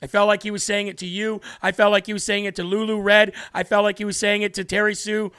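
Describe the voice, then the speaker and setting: Man, bright tense voice, earnest commentary, repetitive, teary. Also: high voice, flat delivery, fast talker, clean tone. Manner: earnest, repetitive, tearful emphasis. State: tearing up. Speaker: livestream host. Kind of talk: emotional political commentary.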